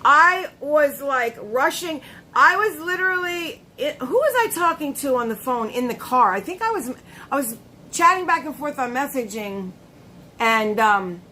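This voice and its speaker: A woman's voice: high-pitched, pushed and bright, slight background noise, rough recording. A woman hosting a casual live stream, chatty and laughing often, greeting her viewers by name.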